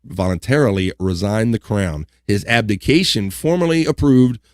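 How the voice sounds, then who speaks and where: A man's voice: fairly low pitch, normal speed, no room sound. A man hosting a live online talk show, chatting casually and reading out history items with joking asides. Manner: relaxed, joking asides, reads items aloud. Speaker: livestream host.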